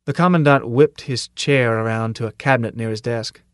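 A man reading an audiobook in measured, even storytelling narration. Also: mid-range voice, smooth, no echo, clean studio sound. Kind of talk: scripted narration.

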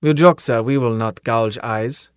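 A man's voice: mid-range voice, unhurried, clear, resonant tone, no room sound, clean studio sound, natural voice. A man voicing a polite, careful young male recruit with a German accent, speaking formally in an audiobook.

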